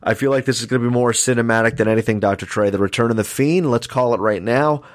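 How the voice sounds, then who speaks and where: A man's voice: mid-range voice, fast talker. A man hosting a wrestling podcast, running through match predictions in an announcer-like way. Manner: announcer-like, addressing listeners as folks. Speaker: podcast host.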